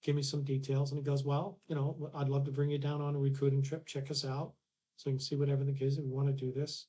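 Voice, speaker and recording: A man's voice: medium pitch, little pitch movement, fast talker, dark tone, dull audio. A man, a podcast guest telling a long anecdote with restarts and acted-out dialogue. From Canada. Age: 60s. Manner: rambling anecdotes with restarts, acts out quoted dialogue. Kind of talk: casual storytelling.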